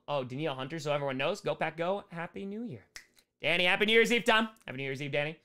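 A young man live-streaming a football game, calling the plays and reading out viewer messages, excitable and loud at big moments. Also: a little high, brisk, smooth. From United States. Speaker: sports streamer and comedian. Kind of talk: live play-by-play and chat reading.

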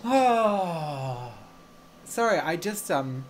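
A man teaching English on a live stream, telling a story slowly and clearly, explaining words and asking viewers questions in a relaxed, chatty way. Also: fairly high pitch, slight background noise.

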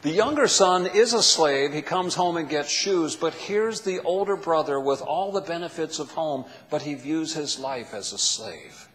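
A pastor with a medium-pitched, slightly bright voice preaches a sermon, firing question after question at his listeners. Long hall reverb colors the recording.

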